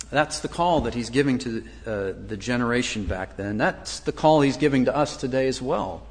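A man's voice: medium pitch, lively intonation, moderate pace, few pauses, big-room sound. A man preaching a sermon as a pastor, earnest, with frequent fillers.

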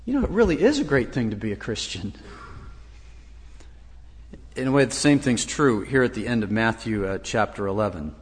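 A man's voice: on the low side, big pitch swings, moderate pace, long pauses, in a large hall. A man preaching a sermon as a pastor, earnest, with frequent fillers.

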